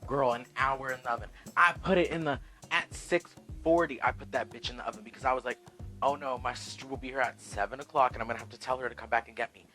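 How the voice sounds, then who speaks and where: A man's voice: medium pitch, quick pace, pushed and bright, soft background music, low-quality recording. A man hosting a casual home cooking vlog, sassy and profane, calling viewers "girl" and "honey". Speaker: cooking vlogger. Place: home kitchen.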